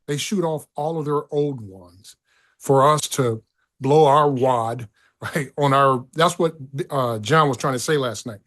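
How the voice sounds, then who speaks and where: A middle-aged man talking as a podcast guest, excitable and profane, often stumbling over his words. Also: mid-range voice, a little slow. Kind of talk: casual political chat.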